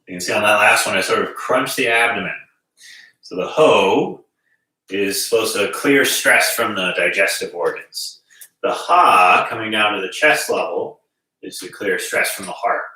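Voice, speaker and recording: A man leads a gentle qigong session, calmly talking students through each breath and movement. His fairly low voice is recorded from a distance and rings through a very echoey room. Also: moderate pace. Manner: calm, gently guiding with breath cues. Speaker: qigong instructor. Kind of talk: guided movement class.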